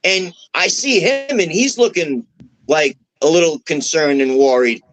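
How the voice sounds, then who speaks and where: On a podcast, a wrestler guest spins a long story in casual, profane language, animatedly acting out the quoted dialogue. His voice is fairly high and unhurried, and the recording quality is low.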